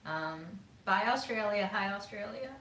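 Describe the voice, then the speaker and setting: A woman hosting a casual livestream, reading and answering viewer comments in a relaxed, musing way with many "um"s and some half-whispered asides. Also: mid-range voice, measured pace. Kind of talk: casual chat. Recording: echoey room with faint ambient noise.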